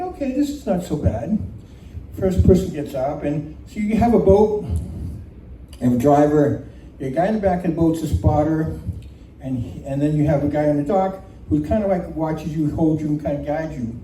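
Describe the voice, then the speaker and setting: High-voiced man telling a story live. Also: moderate pace, far from the mic, a little hiss or hum. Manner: animated, laughs through the telling. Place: community center room. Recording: roomy hall recording from off-mic.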